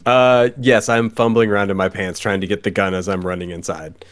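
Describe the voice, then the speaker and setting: A man's voice: fairly low pitch, steady tone, fairly quick. A man playing a tabletop game, talking in a loose, playful way with fillers. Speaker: player. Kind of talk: casual tabletop role-play.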